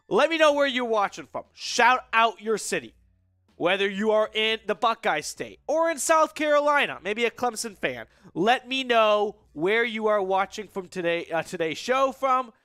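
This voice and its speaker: A man's voice: high-pitched, lively intonation, moderate pace, clean tone, dry recording, clean studio sound, faint music behind. A young man hosting a live sports talk stream, chatty and upbeat, with a stuffy, nasal voice from a cold. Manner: upbeat, chatty, shouts out viewers. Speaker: sports show host.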